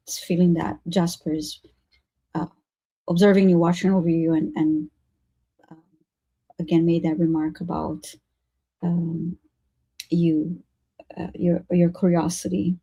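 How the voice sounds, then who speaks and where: Woman doing live psychic readings, husky, dark tone, flat delivery, halting with fillers. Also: on the low side. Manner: hesitant, halting, many fillers. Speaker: psychic reader and co-host.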